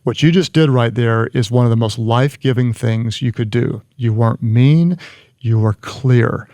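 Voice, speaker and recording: A man's voice: medium pitch, moderate pace, dark tone, dry recording, clean studio sound. A man giving earnest leadership advice in conversation, often restarting his sentences. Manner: earnest, frequent restarts and stammers. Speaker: guest.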